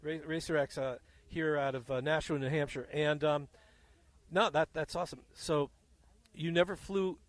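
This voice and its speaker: A man with a fairly high voice hosts a field interview outdoors at a small airfield. He tells jokey stories with a lot of energy. He holds a handheld mic. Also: normal speed, dry recording. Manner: animated storyteller, jokey. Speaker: host.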